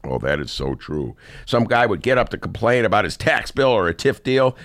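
A man hosting a talk radio show, giving lively, mocking political commentary and laughing often. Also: on the low side, normal speed, no room sound, clean studio sound.

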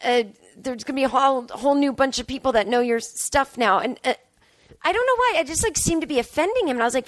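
A woman's voice: high-pitched, expressive, fast talker, no room sound. A young adult woman comedian hosting her podcast, telling a rambling, self-deprecating story full of fillers. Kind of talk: casual podcast monologue.

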